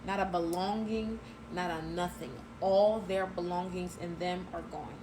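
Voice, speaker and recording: A woman's voice: fairly low pitch, steady tone, a little slow. A young woman telling a personal story in a casual storytime, chatty and talking straight to her viewers. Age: young adult. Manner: chatty, addresses viewers as y'all. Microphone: phone. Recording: noisy phone clip with ambience.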